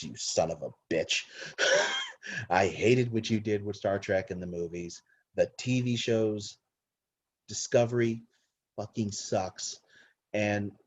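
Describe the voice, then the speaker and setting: A man's voice: fairly low pitch, darkish tone, breathy edge, highs cut off. A man hosting a casual movie countdown podcast, talking with rambling enthusiasm and swearing freely. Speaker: podcast host.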